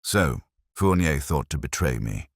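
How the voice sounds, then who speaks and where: A man's voice: very deep voice, very animated, measured pace, breathy edge, no room sound, clean studio sound, heavily acted. A man voicing a proud, cornered French army colonel with a French accent, defiant and haughty. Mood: muttering.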